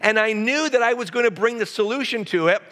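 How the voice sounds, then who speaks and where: High-voiced preaching man in a reverberant hall. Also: fairly quick, sharp tone. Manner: preaching with emphatic repetition and audience asides. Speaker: pastor. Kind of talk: sermon.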